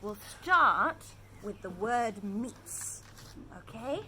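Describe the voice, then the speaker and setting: A woman reading a storybook aloud to young children in an animated, questioning way. Her voice is bright and moves freely across its range, with a faint hiss in the background. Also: a little high, very slow. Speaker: children's storyteller and Hebrew teacher. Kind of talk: reading a picture book aloud, then teaching words.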